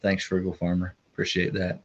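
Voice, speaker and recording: A man's voice: low voice, monotone, fairly quick, husky, highs cut off. A man co-hosting a homestead livestream, explaining things in a plain, easygoing way. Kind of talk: casual live-stream chat.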